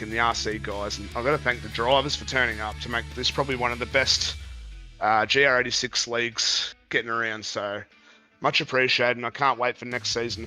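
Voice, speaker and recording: An Australian man with a cold, a racing driver chatting casually after a race, relaxed and grateful. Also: mid-range voice. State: has a cold. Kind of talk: casual post-race chat.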